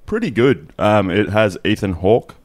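Low-voiced man chatting loosely. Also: very animated, measured pace, dry recording, studio quality. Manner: rambling, hesitant, full of fillers. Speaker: podcast co-host. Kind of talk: casual chat.

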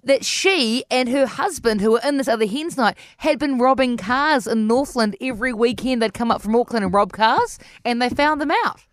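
A woman, a podcast host telling an animated story in casual chat and acting out her own quotes. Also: normal speed, hardly any pauses, no room sound. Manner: lively, acts out her own quotes in a higher voice.

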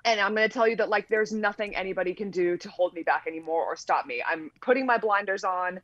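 A woman's voice: mid-range voice, brisk, fairly bright tone, no room sound, muffled recording. A woman in her thirties with a mixed American-Australian accent, a guest singer chatting earnestly with many restarts. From between America and Australia. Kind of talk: casual chat.

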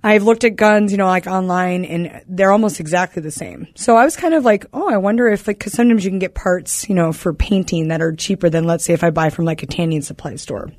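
A woman's voice: lowish voice, a little fast, few pauses, darkish tone, dry recording. A woman from Wisconsin, a podcast guest, chatting casually with lots of fillers and easy laughs. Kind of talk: casual chat.

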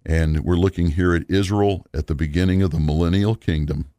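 A man teaching the Bible in a slow, deliberate, explanatory way, returning to his program from last time. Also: low-pitched, steady tone, mellow, no echo, studio quality.

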